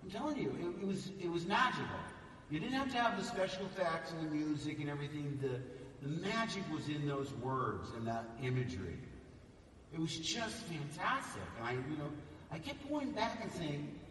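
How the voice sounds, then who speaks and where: A man telling stories to a live audience in a lively way, acting out the voices of other people. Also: fairly high pitch, normal speed. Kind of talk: animated storytelling on stage. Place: large hall with a live audience. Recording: echoey hall, voice from far off, background noise.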